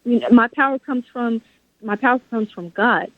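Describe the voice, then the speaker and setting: In a phone-line interview with dry audio, a woman guest author speaks at normal speed in a fairly high voice. She talks with passion, firm conviction, and emphasis, guided by her faith.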